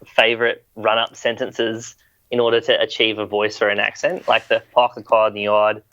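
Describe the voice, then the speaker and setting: A man's voice: on the low side, flat delivery, normal speed, fairly bright tone, no echo. A man co-hosting a chat and musing with curiosity. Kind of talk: casual chat. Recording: dull dry sound.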